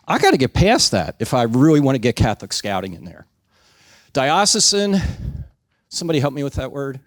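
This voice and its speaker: A man's voice: medium pitch, no room sound, studio quality. A man giving a conversational training presentation to a group, frank and self-deprecating, often asking the audience for agreement.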